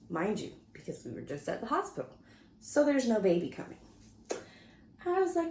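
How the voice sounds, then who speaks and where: A woman's voice: on the high side, normal speed, long pauses, a little hiss or hum. A woman vlogger chatting casually to the camera, telling a story and acting out what people said. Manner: animated, chatty, acts out quotes. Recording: echoey room.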